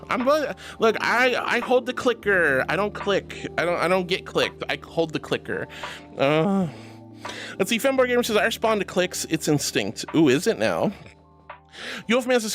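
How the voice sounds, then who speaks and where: On this stream, a young woman VTuber reads viewer messages in a relaxed chat, sweetly thanking people by pet names such as "sweetie." Her voice is on the low side with a fairly bright tone, and her manner is bubbly and affectionate.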